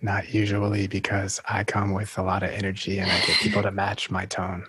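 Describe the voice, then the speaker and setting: Low-voiced man hosting a podcast. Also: monotone, fairly quick, fairly bright tone, slightly rough, no room sound. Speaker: podcast host. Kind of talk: casual podcast conversation.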